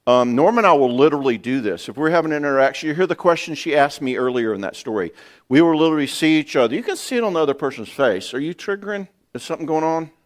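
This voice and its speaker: A man in his sixties, a psychologist giving a folksy, animated seminar talk on marriage, often acting out conversations. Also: medium pitch. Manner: animated, folksy, acts out dialogue. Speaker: psychologist and speaker.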